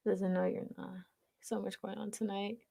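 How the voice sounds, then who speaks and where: A woman's voice: medium pitch, level tone, moderate pace, creaky, dark tone. A woman chatting casually with viewers on a livestream, teasing them and reading their comments aloud. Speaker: livestream reader.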